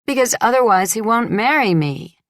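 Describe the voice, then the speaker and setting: A woman reader voicing a desperate, resentful young bride who pleads and breaks into shrill outbursts. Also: measured pace, dry recording, clean studio sound. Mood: tearful bitter.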